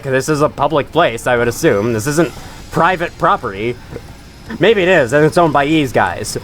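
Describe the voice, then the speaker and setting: A man's voice: mid-range voice, slight background noise. A man chatting through his own gameplay as host of a let's play, joking and often laughing. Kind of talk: gaming commentary.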